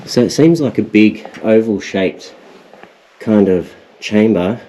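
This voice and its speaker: A young Australian man vlogging as he explores inside a cave, excited and exclaiming often, recorded on an action camera. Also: lowish voice, slow pace, a little hiss or hum. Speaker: outdoor adventure vlogger. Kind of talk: casual exploring commentary.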